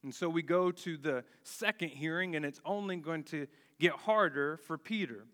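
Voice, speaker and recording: A man preaching a sermon, deliberate and emphatic, with dramatic pauses and rhetorical questions. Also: a little high, fairly bright tone. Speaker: pastor. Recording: long hall reverb.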